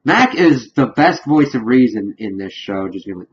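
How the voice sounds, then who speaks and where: A man giving a casual spoiler review of a TV episode, rambling and excitable as he retells scenes with quick paraphrased quotes. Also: medium pitch, muffled recording, slight background noise.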